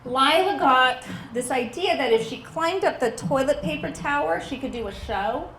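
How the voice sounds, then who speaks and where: A woman's voice: high voice, reverberant, slight background noise. A woman comedian telling a family story in a stand-up set outdoors, acting out the people in it as she goes. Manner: animated storytelling, acts out family members. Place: outdoor backyard show.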